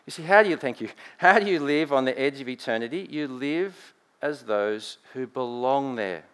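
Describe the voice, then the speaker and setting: Lively Australian preacher, man. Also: medium pitch, moderate pace, clear, resonant tone. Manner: lively, rhetorical "right?" asides, swings from loud emphasis to quiet. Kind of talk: sermon.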